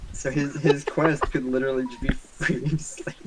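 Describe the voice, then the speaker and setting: A man's voice: mid-range voice, level tone, moderate pace, background noise. A man playing in a tabletop game, teasing the others dryly in casual banter. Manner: dry teasing. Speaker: player.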